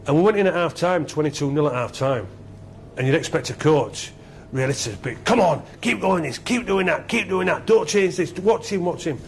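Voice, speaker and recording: A middle-aged man, a former rugby captain being interviewed, telling stories excitedly and repeating himself. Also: mid-range voice, slight background noise. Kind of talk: animated storytelling interview.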